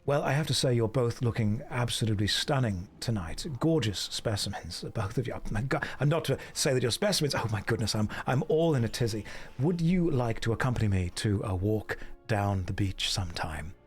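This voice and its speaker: Man doing a posh English gentleman, deep and plummy, overly polite, apologetic, flustered. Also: animated, a little fast, slightly rough. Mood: flustered charm.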